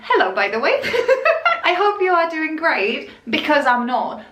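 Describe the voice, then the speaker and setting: Teacher vlogger: woman with a high voice, slow and fuming, sarcastic laughter, roomy echo. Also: animated, pushed and bright. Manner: angry and sarcastic, swearing, laughing often. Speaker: English teacher. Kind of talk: vlog reacting to comments.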